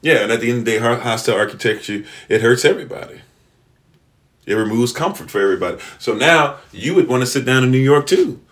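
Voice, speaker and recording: Animated and quick, a bit bright at a medium pitch, a man lectures to his livestream audience. He repeats "right?" rhetorically, stammers into restarts, and now and then speaks to viewers in chat or a partner off-mic.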